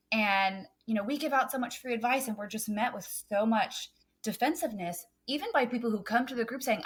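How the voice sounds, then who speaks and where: A woman's voice: medium pitch, fairly bright tone. A woman photographer on a podcast, talking earnestly and emphatically with many "um" fillers. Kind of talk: casual podcast chat.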